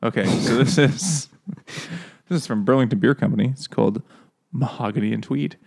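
A man's voice: medium pitch, a little fast, creaky, darkish tone, breathy edge. Man riffing sarcastically between laughs. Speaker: podcast co-host. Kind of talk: casual chat.

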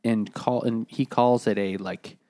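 A man's voice: on the low side, steady tone, a little slow, mellow. A man co-hosting a book podcast, summarizing the plot in a rambling way with lots of fillers. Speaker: podcast co-host. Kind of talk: casual book-club chat.

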